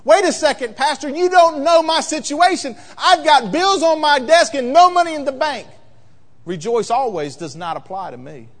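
A pastor voicing a troubled, defensive churchgoer. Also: male voice, on the high side, animated, a little slow, long pauses, in a large hall, voice pushed down. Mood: objecting. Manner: pleading, defensive objections. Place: church sanctuary.

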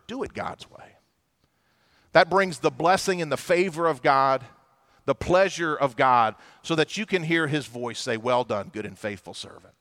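Male pastor, high bright tone, animated sermon storytelling with acted-out voices.

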